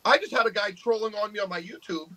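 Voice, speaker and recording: A man who is an arm wrestler co-hosts a podcast, trading brash, profane trash talk in casual chat. He talks fast in a high-pitched, pushed, bright voice. The audio quality is poor.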